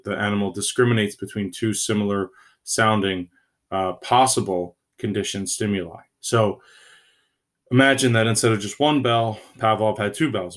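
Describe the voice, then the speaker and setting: A man teaching a recorded lecture to his students, halting and full of fillers, often checking in with "right?". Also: on the low side. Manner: halting, many fillers and restarts.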